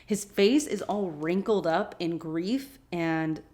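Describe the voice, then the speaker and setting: A woman with a somewhat low voice talks through a TV episode scene by scene. She is chatty and opinionated, slips into the characters' lines as she recaps, and laughs easily along the way. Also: slow, mellow. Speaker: podcast host.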